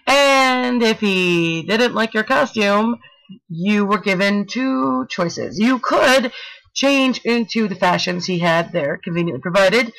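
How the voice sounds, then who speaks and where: A woman presents a talk with slides, telling a story playfully and with animation, tossing in slangy, jokey asides. Her voice is mid-range and the audio quality is poor.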